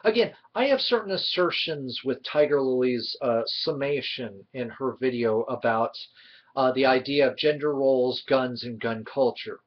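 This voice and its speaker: A man ranting in a heated, sarcastic way as a vlogger giving his opinions. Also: mid-range voice. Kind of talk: opinionated commentary. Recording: dull lo-fi recording.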